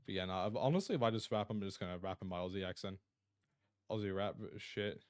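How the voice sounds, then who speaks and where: A man's voice: low-pitched, fast talker, smooth, dry recording, studio quality. A young man streaming live, chatting loosely to his viewers with casual swearing. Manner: loose, profane, chatty asides to chat.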